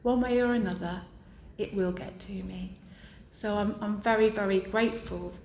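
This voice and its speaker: A woman's voice: medium pitch, fairly even intonation, normal speed, gravelly, a little mellow, dull audio, slight background noise. Earnest woman sharing in an echoey room. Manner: candid, self-deprecating, earnest. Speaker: meeting member sharing. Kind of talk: personal share at a support meeting. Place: meeting room.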